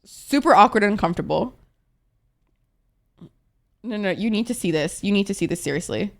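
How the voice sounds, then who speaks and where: A woman's voice: medium pitch, lively intonation, normal speed. A young adult woman streaming, chatting casually with her viewers in a playful, rambling, profane way, often laughing.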